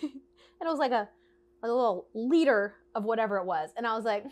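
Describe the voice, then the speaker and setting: A woman chatting to camera in a bubbly, animated way, telling a storytime to her viewers and laughing often. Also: fairly high pitch, moderate pace. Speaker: vlogger. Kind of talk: casual storytime chat to camera.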